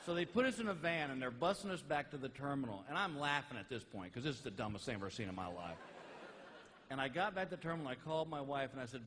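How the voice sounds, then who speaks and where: A middle-aged man doing live stand-up comedy on stage, telling stories and landing each punchline slowly and loudly. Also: mid-range voice, animated, in a large hall. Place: large theater with audience. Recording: live stage recording with crowd laughter and noise. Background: audience laughing.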